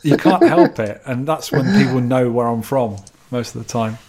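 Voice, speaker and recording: A man's voice: mid-range voice, huge pitch swings, normal speed, crowd noise. A man with a Dorset accent co-hosting a podcast, joking around and reading out listener messages in casual chat. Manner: jokey, banters and reads listener messages. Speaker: podcast co-host.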